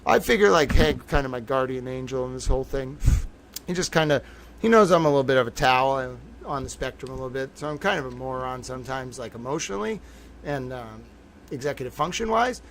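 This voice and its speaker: Guy ranting on his stream, gravelly voice, swears a lot, kinda rambly. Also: medium pitch, expressive, brisk, fairly bright tone, a little hiss or hum. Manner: rambling, profane, emphatic. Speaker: livestream commentator. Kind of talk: casual livestream commentary.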